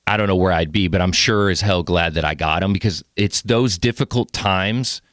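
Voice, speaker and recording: A podcast host in his forties talks candidly and earnestly in a casual interview chat, swearing casually. His low voice, at normal speed and a bit bright, comes through clean studio sound with no room sound.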